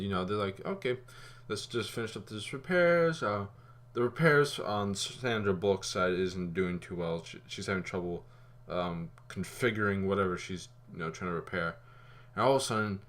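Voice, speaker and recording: A man giving a casual spoken movie review, rambling and animated, with fillers and some swearing. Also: low voice.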